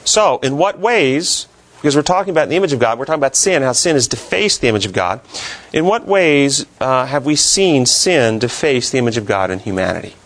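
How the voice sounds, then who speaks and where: A man's voice: mid-range voice, lively intonation, fairly quick, a bit bright. A man teaching a classroom Bible lesson, asking the class questions and then answering them himself.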